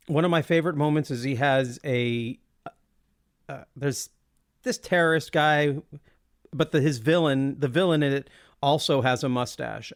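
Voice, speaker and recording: A man's voice: mid-range voice, no room sound, clean studio sound. A man co-hosting a podcast, rambling enthusiastically with many restarts. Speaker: podcast co-host. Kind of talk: casual chat.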